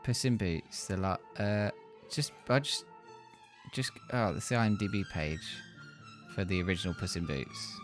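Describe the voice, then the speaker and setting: A man's voice: sits low, lively intonation, moderate pace, over music. A British man streaming a game, chatting casually and fumbling with his screen share. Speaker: streamer playing a game with a co-host. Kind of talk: casual live-stream chat.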